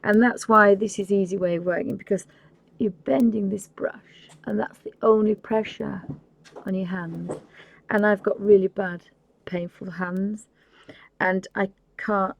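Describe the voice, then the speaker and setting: A woman's voice: medium pitch, fairly even intonation, measured pace, creaky, no room sound, dull audio. A woman hosting a live painting tutorial, chatting casually and often dropping to a whisper, with rambling, apologetic asides at her home desk. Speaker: craft channel host.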